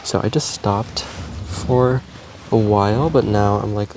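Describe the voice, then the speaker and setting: A man vlogging about plant care in a relaxed, meandering casual chat while potting plants, with frequent ums and likes. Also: fairly low pitch, takes it slowly, a little hiss or hum.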